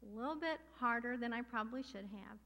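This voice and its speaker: A middle-aged woman preaching a sermon with passion and emphasis, slowing down to stress key words. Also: on the high side, a bit bright. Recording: long hall reverb.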